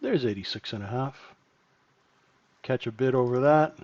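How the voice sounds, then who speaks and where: A man talks through the market live for his trading room, relaxed and unhurried, thinking aloud as he goes. His voice sits at an ordinary middle pitch. The audio is a little dull and lo-fi, like a home stream. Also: no room sound. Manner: casual, thinking aloud over the charts. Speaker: futures trading room host.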